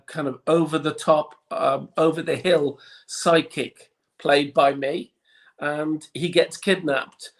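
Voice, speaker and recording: A man's voice: on the high side, a bit bright. A man with a Liverpool accent, a guest chatting casually in an interview with many little restarts. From Liverpool, England. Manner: chatty, frequent restarts and ums. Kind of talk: relaxed interview chat.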